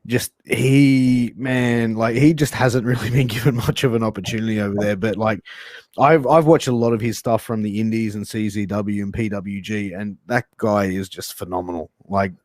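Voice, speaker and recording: A man's voice: lowish voice, fairly even intonation, normal speed, darkish tone, dry recording, studio quality. A man hosting a casual interview, asking follow-up questions with enthusiasm.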